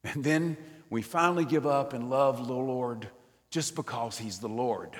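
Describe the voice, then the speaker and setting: An older man preaching a sermon in a church, swinging from loud emphatic lines down to near whispers. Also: medium pitch, big pitch swings, moderate pace, big-room sound. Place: church nave.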